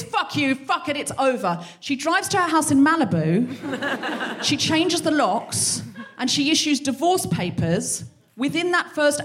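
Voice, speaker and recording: High-voiced woman doing live comedy. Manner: swearing, acting out both sides of a row. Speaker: podcast host. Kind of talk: live stand-up monologue. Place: concert hall in front of a live audience.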